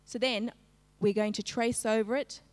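A woman teaching a live-streamed phonics lesson, slowly segmenting each sound in a word and prompting the class to join in. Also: fairly high pitch, fairly even intonation, long reverb tail. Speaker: literacy teacher.

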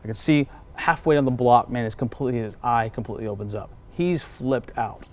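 Middle-aged man, pastor, interview guest, animated storyteller, medium pitch. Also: a little fast. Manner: animated storyteller who acts out quotes.

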